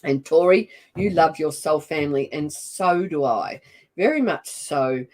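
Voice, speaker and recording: A woman's voice: low-pitched, expressive, measured pace, a little mellow. An older woman with an Australian accent, hosting a casual livestream and greeting viewers by name in an effusive, chatty way. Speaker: livestream host. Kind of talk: casual live-stream chat.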